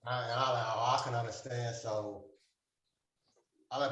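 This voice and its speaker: A man with a medium-pitched, fairly bright voice speaks briskly in an echoey room. Sharing his story in a support group, he rambles at length, piles on fillers, and performs the conversations he's retelling.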